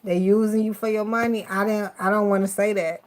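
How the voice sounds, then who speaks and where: A woman's voice: medium pitch, level tone, a little fast. A woman with a Miami accent giving a live tarot reading, affectionate and emotional, cursing casually and sounding teary-eyed. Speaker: tarot card reader.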